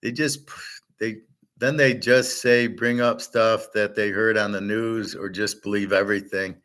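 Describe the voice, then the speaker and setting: A middle-aged man with a fairly low voice chats casually as a show host. He rambles from point to point, blunt and unfiltered, with an odd curse thrown in. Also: fairly even intonation, unhurried, fairly bright tone.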